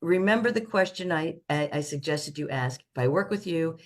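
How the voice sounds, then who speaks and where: A woman's voice: low-pitched, lively intonation, moderate pace. Emphatic older woman financial planner. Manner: emphatic, playful catchphrases. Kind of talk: casual video chat.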